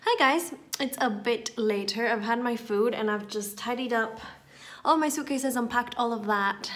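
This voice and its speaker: An excitable woman in her twenties vlogs casually to her phone camera from a bare, empty flat, her chatter packed with "like" and little laughs. Her voice is on the high side at a moderate pace, with a slight room echo and faint music in the background.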